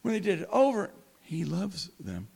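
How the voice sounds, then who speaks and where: Lively, high-voiced male preacher. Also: moderate pace, gravelly, husky. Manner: impassioned, swinging between loud emphasis and hushed tones. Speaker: pastor. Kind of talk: sermon.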